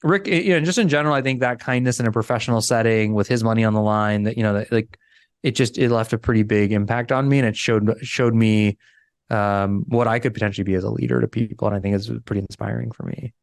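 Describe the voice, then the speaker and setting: A man's voice: fairly low pitch, fast, creaky, no room sound, studio quality. A middle-aged man, a podcast guest, telling a story in a casual interview and acting out the voices of the people in it. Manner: animated storyteller, acts out quotes.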